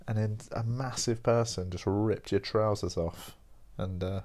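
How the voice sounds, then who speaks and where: A young man talks in a deep, low voice, sounding tired as he rambles through a casual solo chat. His manner is wry and self-mocking, like a podcast host thinking out loud. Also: fairly even intonation, a little slow.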